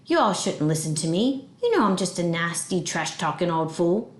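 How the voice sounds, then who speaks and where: A woman voicing a mean, volatile old grandmother who shouts sharply. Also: lowish voice, sing-song, normal speed, echoey room. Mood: apologetic.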